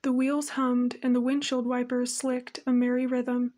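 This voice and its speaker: A woman narrating an audiobook with a steady, even storytelling manner. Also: high voice, unhurried.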